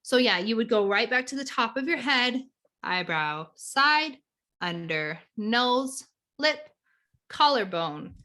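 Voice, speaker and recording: Bright, lively woman explaining tapping. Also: fairly high pitch, slow pace. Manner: animated, acts out examples of inner talk. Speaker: tapping practitioner, guest. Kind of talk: conversational teaching.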